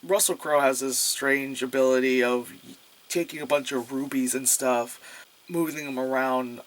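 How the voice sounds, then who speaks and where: A man's voice: medium pitch, fairly even intonation, moderate pace, fairly bright tone. A man giving a casual movie review, rambling and sarcastic, full of filler words and swearing. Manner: swears freely.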